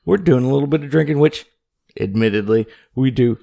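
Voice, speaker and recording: A man with a deeply gravelly, fry-heavy voice co-hosts a relaxed podcast. He talks into a desk microphone in a loose, joking way, stretching out his plugs for the show. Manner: loose, joking, drawn-out promo talk. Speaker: podcast co-host. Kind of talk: casual podcast chat. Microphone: studio microphone at a desk.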